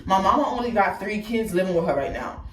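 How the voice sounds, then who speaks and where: A woman tells her own story to viewers in a blunt, profane, animated way, talking straight to the audience. Her voice sits at an ordinary middle pitch. It echoes around the room and she stands a little back from the mic. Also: quick pace, recorded from a distance, a little hiss or hum. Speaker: host telling her life story. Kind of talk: casual personal storytelling to viewers.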